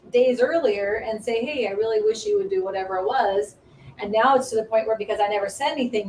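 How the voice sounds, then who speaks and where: Animated woman host telling stories in a roomy space. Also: high-pitched. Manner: animated storytelling, acts out her own past voice. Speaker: ministry host. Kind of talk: casual spiritual talk. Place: room with small live audience. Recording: roomy, distant mic with faint noise.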